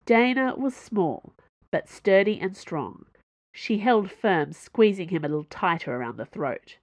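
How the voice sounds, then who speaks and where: A woman reading a science-fiction adventure novel aloud as an audiobook narrator, expressive and varied. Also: medium pitch, unhurried, no room sound. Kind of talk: scripted narration.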